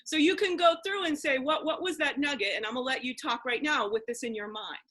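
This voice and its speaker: A woman from Philadelphia hosting a casual video-call conversation, talking in an excitable rush full of restarts and asides. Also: sits high, quick pace. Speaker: host.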